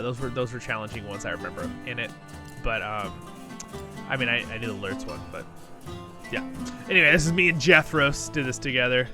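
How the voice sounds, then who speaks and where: A sleepy man hosting a gaming channel, chatting casually at his computer into a new microphone and chuckling often. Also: mid-range voice. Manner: relaxed and rambling, chuckles often. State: sleepy, just woke up. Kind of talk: casual gameplay commentary. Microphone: new desktop microphone.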